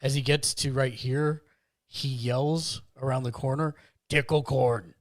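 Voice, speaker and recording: A man's voice: medium pitch, steady tone, no echo. Guy running a tabletop game, narrates then mutters asides, dry close mic. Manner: narrates with quick practical asides. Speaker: game master.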